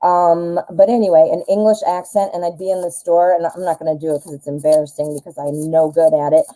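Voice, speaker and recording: A woman's voice: fairly low pitch, level tone, brisk, warm tone, low-quality recording. A woman in her forties with a Midwestern American accent, chatting in a rambling, self-deprecating way while doing a live tarot reading. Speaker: tarot reader.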